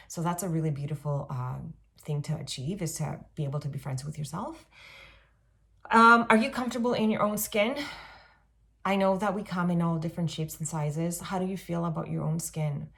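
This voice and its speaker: A woman in her thirties talking casually and reflectively in a self-help monologue, often pausing on "um" and "like". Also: sits low. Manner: gentle, reflective, with frequent "um" and "like".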